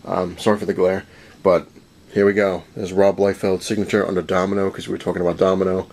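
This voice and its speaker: Low-voiced man rambling about comics. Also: fast. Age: adult, married. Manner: rambling, animated retelling with many "he's like" quotes and laughs. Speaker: comic collector vlogger. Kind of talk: casual storytelling vlog. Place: home room full of comic collectibles.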